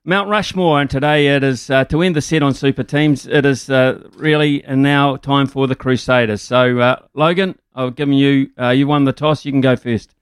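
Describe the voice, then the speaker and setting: A man's voice: medium pitch, steady tone, moderate pace, hardly any pauses, clear, resonant tone, no room sound. A man hosting a sports radio show in a studio, rambling and hesitant with lots of fillers and blunt exclamations. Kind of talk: casual radio sports chat. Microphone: studio microphone.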